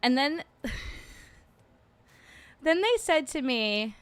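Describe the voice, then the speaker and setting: A woman's voice: high-pitched, lively intonation, unhurried, long pauses, dry recording. Lady streaming from home, sarcastic and chatty, dry close sound. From New Jersey. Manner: sarcastic, chatty, laughs often. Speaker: livestream host. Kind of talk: casual livestream chat.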